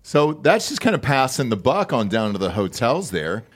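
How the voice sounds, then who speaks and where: A man hosts a podcast in loose, profane banter. His pitch jumps around as he jokes and slides into ad reads. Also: moderate pace. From Texas. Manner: joking, profane, animated. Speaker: podcast host.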